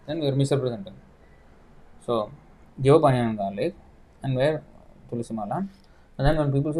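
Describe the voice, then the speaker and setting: A man's voice: medium pitch, fairly even intonation, fairly quick, long pauses, mellow. A man, a spiritual teacher answering viewer questions in a livestreamed sermon, emphatic and fond of rhetorical questions.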